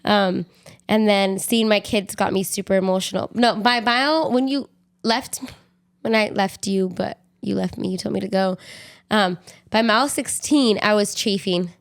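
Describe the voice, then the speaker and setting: A young adult woman co-hosts a podcast in easy casual chat. She tells her story in an animated, rambling way, full of fillers. Her voice sits at an ordinary middle pitch. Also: moderate pace, gravelly. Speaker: podcast co-host.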